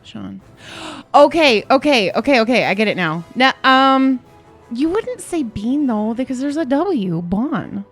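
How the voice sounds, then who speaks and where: A woman's voice: high-pitched, soft background music. Playful young woman chatting casually. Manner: lively, playful, quick to laugh and gasp. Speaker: podcast co-host and player. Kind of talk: casual chat.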